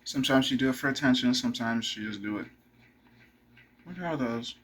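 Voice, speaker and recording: A man's voice: medium pitch, brisk, fairly bright tone, slight background noise. A young man rambling casually to camera, swearing freely and talking to his dog between thoughts. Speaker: vlogger.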